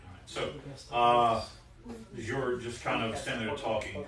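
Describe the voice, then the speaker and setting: A man's voice: mid-range voice, steady tone, a little slow, crowd noise. A man narrating a tabletop game as game master, casual and rambling with many fillers. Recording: roomy echo from a distant mic.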